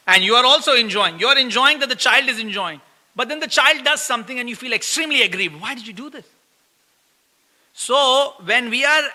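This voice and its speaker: A middle-aged man giving a lively sermon, often asking listeners "right?" and acting out complaints. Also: very high voice. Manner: lively storytelling, acts out quoted complaints, laughs often; asks listeners "right?" again and again. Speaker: preacher giving a scripture class. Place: temple hall. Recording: long hall reverb.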